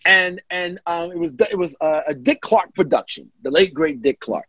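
A man's voice: fairly high pitch, moderate pace, slightly rough, no echo, dull audio. A man, a guest comedian, telling a story in casual chat and acting out the people he quotes. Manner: animated, acts out quoted voices.

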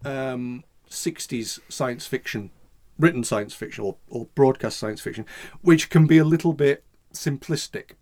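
A man chats casually as a podcast co-host. He rambles and restarts his sentences, filling gaps with "you know" and "I mean," in a voice of middling pitch. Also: measured pace, darkish tone. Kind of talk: casual chat.

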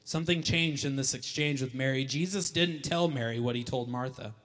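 A man's voice: mid-range voice, fairly quick. Emphatic male pastor in a reverberant hall. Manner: emphatic, repeats lines for effect, rising to shouts. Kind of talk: sermon. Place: church hall.

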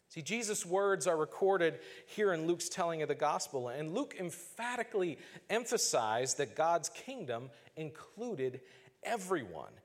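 A man in the pulpit delivers his sermon in an earnest, measured way, slowing to stress the words that matter. His voice sits a little high for a man. The sound carries a long reverb from a church hall. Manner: earnest, measured preaching with slow emphatic phrases. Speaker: pastor.

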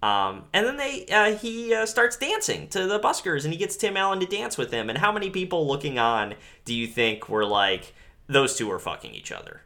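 A man's voice: sits high, normal speed, hardly any pauses. A man co-hosting a podcast, chatting casually about a movie. He swears freely and slips into goofy voices for the characters. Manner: animated, profane, does silly impressions of characters. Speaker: podcast co-host. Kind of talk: casual chat recapping a movie.

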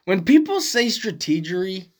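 Podcast cohost guy, kinda high voice, quick wisecracks and short jabs. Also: big pitch swings. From Oregon. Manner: wisecracking, short interjections, laughs often. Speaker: podcast co-host. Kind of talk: casual chat.

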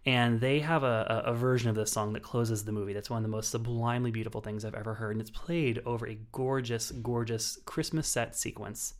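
A man's voice: medium pitch, fairly even intonation, brisk, hardly any pauses. Enthusiastic male podcast co-host. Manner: enthusiastic, frequent restarts and fillers. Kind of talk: casual film review chat.

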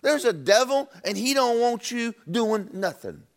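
A man's voice: animated, unhurried. A man preaching a sermon and telling a personal story, stumbling over and repeating words as he talks. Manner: drops low and quiet for quoted speech.

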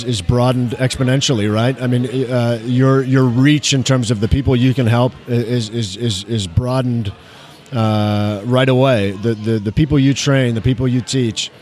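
A man's voice: medium pitch, a little mellow. A male emergency physician chatting as an interview guest. He stammers often, repeats his words and leans on fillers. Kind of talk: casual interview chat.

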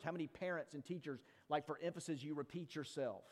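A man preaching a sermon, reading scripture quickly and then slowing down to build rhetorical questions, with playful asides to the congregation. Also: fairly high pitch, long reverb tail. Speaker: pastor.

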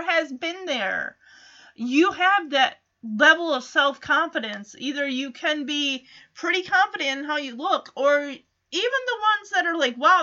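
Giggly high-voiced woman recapping a show. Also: pushed and bright, lo-fi sound. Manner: giggly, chatty, laughs often. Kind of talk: casual episode recap.

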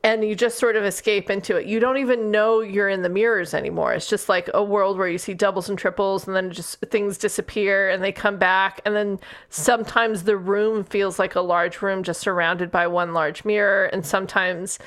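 A woman's voice: medium pitch, steady tone, moderate pace, few pauses. A woman co-hosting a podcast, chatting casually about a book and laughing often as she acts out characters' lines. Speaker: podcast co-host.

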